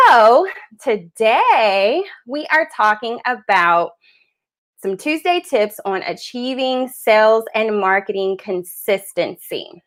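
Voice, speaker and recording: A woman hosting a live business tips stream, upbeat and chatty, a little out of breath. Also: a little high. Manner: upbeat, chatty, greets viewers as they join. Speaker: host of a business tips livestream. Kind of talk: live-streamed coaching talk.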